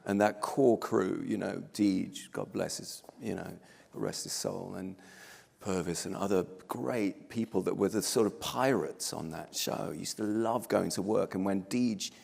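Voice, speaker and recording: Man, low pitch, gravelly, reminiscing, live panel, hall reverb. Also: unhurried, darkish tone. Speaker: panelist, actor. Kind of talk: casual panel talk. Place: large hall.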